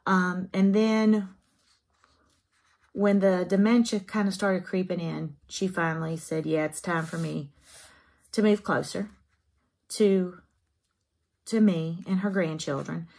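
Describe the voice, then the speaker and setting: Husky woman chatting about crafts. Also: on the low side, steady tone, slow pace, long pauses, a little mellow. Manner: chatty, folksy, emotional. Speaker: craft vlogger. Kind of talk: casual chat to camera. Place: home craft room.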